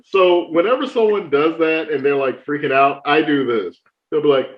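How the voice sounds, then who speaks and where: A man on a podcast telling stories in an animated, joking way. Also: moderate pace, roomy sound, muffled recording. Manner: animated, acts out opponents in high mocking voices. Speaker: podcast guest. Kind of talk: casual chat, storytelling.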